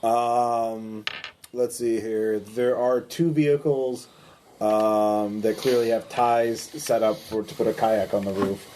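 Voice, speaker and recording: A man narrating a tabletop game as game master, halting with many ums. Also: fairly low pitch, steady tone, warm tone, slight background noise. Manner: hesitant, many fillers.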